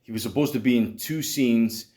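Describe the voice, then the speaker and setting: A man's voice: medium pitch, moderate pace, mellow. A man from New Jersey hosting a podcast, reviewing movies in a loose, rambling, profane way with many fillers. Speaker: podcast host. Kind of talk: casual movie review monologue.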